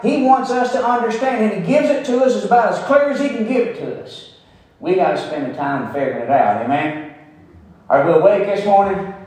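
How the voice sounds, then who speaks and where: A man's voice: high-pitched, a little mellow. A man preaching a sermon in a folksy, emphatic way, repeating phrases for stress. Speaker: pastor. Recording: very echoey room, mic far off.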